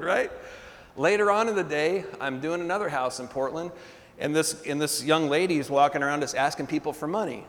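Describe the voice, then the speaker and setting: A man preaching a sermon, telling a story with animated energy, laughing often and calling for responses from the congregation. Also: on the high side, moderate pace. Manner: laughs often between phrases. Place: church hall. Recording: long hall reverb.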